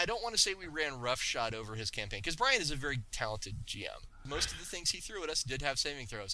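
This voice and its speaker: Bright-voiced man telling animated stories. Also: fairly high pitch, low-quality recording. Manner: animated, many restarts and stammers. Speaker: podcast guest. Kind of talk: casual storytelling.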